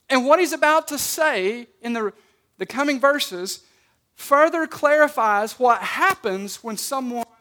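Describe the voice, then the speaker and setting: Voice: high voice, fairly bright tone. A pastor preaching a sermon in a conversational way, often restarting and repeating words and leaning on key words.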